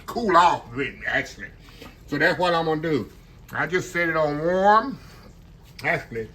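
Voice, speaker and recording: A man's voice: a little high, expressive, moderate pace, long pauses, bright, forceful tone, breathy edge. A man chatting casually to his viewers while cooking at home in his kitchen. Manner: chatty, talks to viewers as "y'all". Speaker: home cook.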